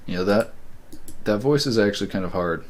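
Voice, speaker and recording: A man's voice: fairly low pitch, animated, brisk, a loud crowd. A man who develops games, chatting casually on a live stream as he reacts to a tutorial video, with lots of fillers and restarts. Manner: rambling, hesitant, reacts to a video.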